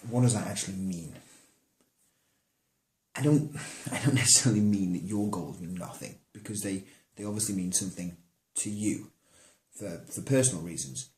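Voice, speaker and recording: A man's voice: low voice, normal speed, darkish tone. A man giving casual fitness coaching advice straight to the listener, emphatic and direct. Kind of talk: casual advice monologue to camera. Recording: echoey room.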